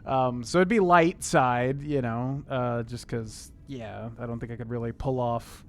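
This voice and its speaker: A man's voice: medium pitch, fairly even intonation, a little slow, few pauses. A young man casually chatting with viewers while streaming a game, rambling with many fillers. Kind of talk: casual gameplay commentary.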